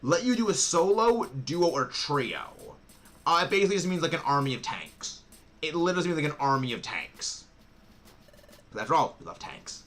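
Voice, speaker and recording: A male streamer giving excitable, rambling commentary while he plays a game, restarting his sentences often. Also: a little high, moderate pace, slight background noise. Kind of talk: casual gameplay commentary.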